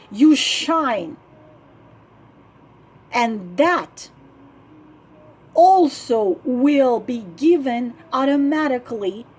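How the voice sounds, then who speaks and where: A woman hosts a video monologue of relationship advice. She speaks slowly and emphatically, repeats herself, and clears her throat often. Her voice sits a little high and sounds husky and breathy. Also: a little mellow. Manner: earnest, repetitive, emphatic, with frequent throat clearing. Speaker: online relationship advisor.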